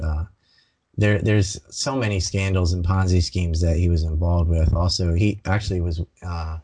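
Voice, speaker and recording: Man, very deep voice, casual podcast talk, fast dense delivery, lots of ums. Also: darkish tone. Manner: rapid, information-dense, many fillers. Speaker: podcast host. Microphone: video call.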